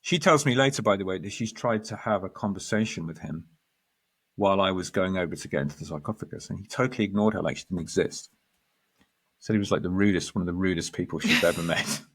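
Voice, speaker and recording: A man, a guest astrologer, telling a story in lively conversation, acting out quoted lines and restarting his sentences. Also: low voice, fast, breathy edge. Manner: animated storyteller, quotes others, restarts often.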